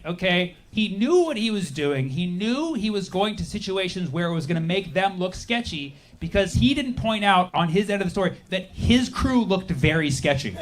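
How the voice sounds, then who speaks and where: A man performing a sarcastic stand-up comedy set, acting out the people he quotes. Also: high-pitched. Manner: sarcastic, acts out quoted voices.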